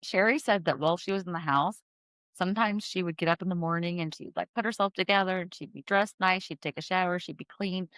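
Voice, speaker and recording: A woman podcast host, speaking in an in-person studio, chats her way through a true-crime tale, heavy on fillers and quick to restart and correct herself. She talks at a quick pace in a lowish, slightly bright voice, with no room sound at all.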